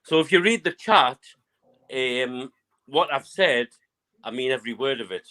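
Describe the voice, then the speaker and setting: A man's voice: medium pitch, animated, measured pace, bright, forceful tone. Eager Englishman calling in. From England. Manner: eager, repeats himself, interrupts. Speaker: caller. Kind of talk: casual call-in chat.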